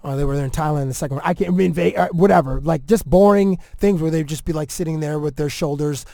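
A man's voice: on the high side, quick pace, creaky, dry recording, clean studio sound. A man from Canada telling an anecdote in casual chat, acting out quotes with lots of fillers. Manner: animated, acts out quotes, many fillers. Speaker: podcast guest, TV entertainment reporter.

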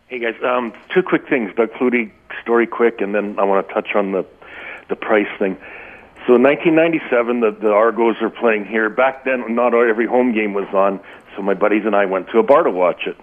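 A man's voice: lowish voice, fairly quick. Fifties man calling in by phone. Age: 50s. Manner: chatty, rambling with restarts, animated storytelling. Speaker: caller. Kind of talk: phone-in storytelling. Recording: tinny phone line.

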